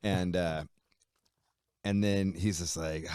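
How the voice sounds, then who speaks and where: A man with a very deep voice tells a long story in a loose interview, swearing freely and acting out what people said. The sound is dry and close, with no room in it. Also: moderate pace, no room sound. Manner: swears freely, animated storytelling with quoted dialogue. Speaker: musician guest.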